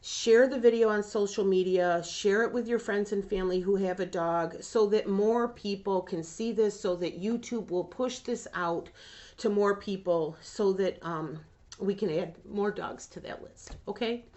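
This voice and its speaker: A woman's voice: mid-range voice, unhurried, a little mellow. Earnest, emotional woman dog-training host. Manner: earnest and emotional, gets choked up. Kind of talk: emotional direct-to-camera talk.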